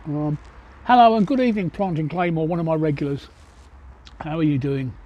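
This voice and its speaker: A man's voice: fairly high pitch, fairly quick, lo-fi sound. Blunt older man streaming. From England. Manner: blunt, chatty, answers viewer questions. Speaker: livestreamer. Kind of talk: casual live Q&A chat. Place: outdoors at a pub in a city. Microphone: phone.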